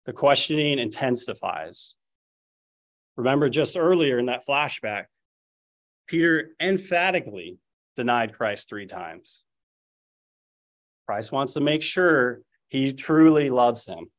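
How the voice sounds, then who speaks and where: Male preacher, mid-pitched, lively storytelling sermon, acts out the quotes. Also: a little slow, long pauses. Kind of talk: expository sermon.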